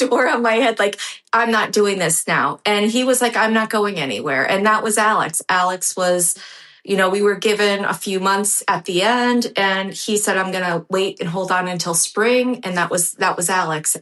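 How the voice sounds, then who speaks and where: A woman in her fifties, a podcast guest telling a personal story in a heartfelt, halting way. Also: medium pitch, a bit bright. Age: 50s. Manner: heartfelt, halting, repeats herself.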